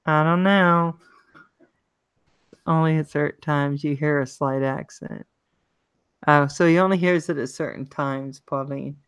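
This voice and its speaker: A woman's voice: sits low, fairly even intonation, measured pace, pauses often, clean tone, no echo. A woman livestream host with a Maryland accent, chatting casually, reading viewer comments and greeting people by name.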